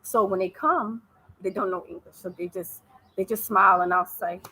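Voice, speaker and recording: A woman's voice: mid-range voice, steady tone, moderate pace, sharp tone, husky, poor audio. An American woman giving casual advice in a vlog, chatty and repetitive, laughing easily. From United States. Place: living abroad in East Africa.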